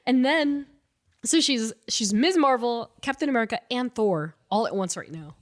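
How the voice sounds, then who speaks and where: Co-host: stuffy-nosed woman, lively storyteller, laughs a lot, casual. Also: on the high side, a little slow. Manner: animated storytelling, laughs often. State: stuffy nasal. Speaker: podcast co-host. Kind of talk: casual chat.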